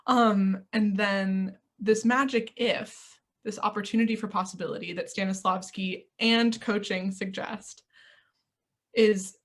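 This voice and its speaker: A young woman coach talks through her ideas in an earnest, searching way, pausing to find the words. Her voice sits at an ordinary middle pitch, and now and then she slips into playful little inner voices. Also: steady tone. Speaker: acting coach, interview guest. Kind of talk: reflective interview answers.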